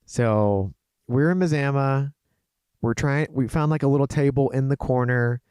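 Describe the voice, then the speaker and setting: Man, podcast co-host, wry relaxed storytelling, dark mellow tone, dry. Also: medium pitch, moderate pace, clean tone, no echo. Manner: relaxed, wry storyteller, chimes in with short agreements. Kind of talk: casual chat.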